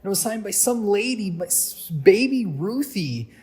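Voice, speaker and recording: A man's voice: sits high, very animated, a little slow, warm tone, voice pushed up. A man voicing a panicked young boy, the new kid, who talks frantically and repeats himself. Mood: anxious. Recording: long hall reverb.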